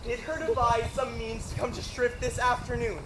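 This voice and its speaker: A woman's voice: a little high, level tone, normal speed, reverberant, a little hiss or hum, close to an everyday voice. Romeo, a woman playing an earnest young lover. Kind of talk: live stage acting.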